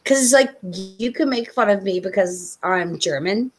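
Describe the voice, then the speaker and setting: A woman's voice: medium pitch, moderate pace, breathy edge. A woman co-hosting a casual podcast, teasing and stumbling over her words.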